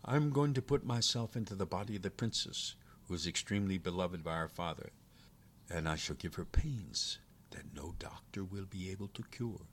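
A man's voice: low-pitched, quick pace, slight background noise, natural voice. A man voicing a scheming male demon in a storybook reading, with wheedling, muttered asides.

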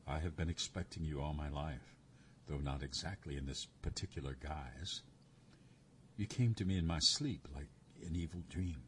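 A man voicing a devout priest who speaks calmly, tenderly and gravely. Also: a bass voice, moderate pace, slight background noise. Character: gentle, devout old male priest.

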